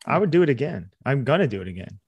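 A man with a medium-pitched voice co-hosts a comedy podcast, talking in a laid-back, playful way. His voice is recorded close and dry, with no room sound. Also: big pitch swings, very fast, slightly rough, no echo, muffled recording. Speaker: podcast co-host. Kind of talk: casual comedic chat.

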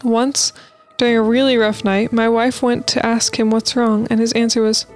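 Woman, podcast co-host, higher voice, casual, playful, reading spooky stories aloud, light music bed. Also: flat delivery, moderate pace, few pauses. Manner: reads posts aloud with playful asides and laughs.

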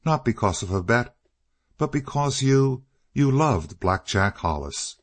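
A man voicing an earnest, passionate young woman for an audiobook, pitching his voice higher and pleading insistently. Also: very animated, a little slow.

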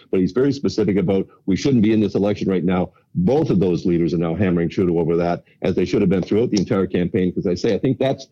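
A man talks politics at a rapid clip, stacking emphatic points one after another. His voice is dark and mellow with a husky edge. The recording sounds dull and lo-fi, like a remote feed. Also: low voice. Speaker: political panelist. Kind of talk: political commentary chat.

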